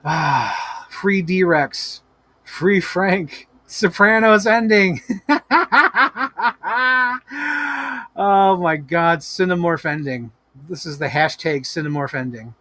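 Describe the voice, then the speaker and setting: A man hosting a toy-collecting live stream at home, telling stories in a casual, animated way with lots of swearing and laughter. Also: fairly high pitch, slow, no room sound. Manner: animated, profane, laughing storyteller. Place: home room with toy shelves.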